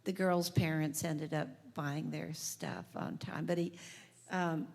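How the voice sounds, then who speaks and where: A woman in her seventies, a singer and band leader, chatting and telling stories between songs on a live music stage. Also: on the low side. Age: 70s. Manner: relaxed storytelling with laughs. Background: band instruments, guitar.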